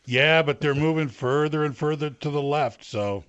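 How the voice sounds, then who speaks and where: A man chimes in as a radio co-host. His delivery is dry and matter-of-fact, with a slightly high voice. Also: moderate pace, fairly bright tone, clear, resonant tone, no echo, lo-fi sound. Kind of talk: casual radio banter.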